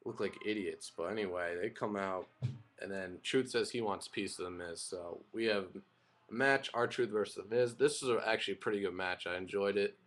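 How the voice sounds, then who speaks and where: Rambling young man with a low voice. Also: moderate pace, fairly bright tone. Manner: rambling, opinionated, frequent fillers and restarts. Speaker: wrestling show reviewer. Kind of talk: casual spoken recap and review.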